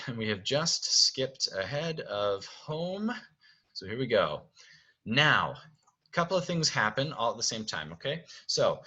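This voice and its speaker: A man's voice: medium pitch, sharp tone, husky. A man directing a show, explaining stage blocking in a friendly way and thinking aloud. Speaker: theater director.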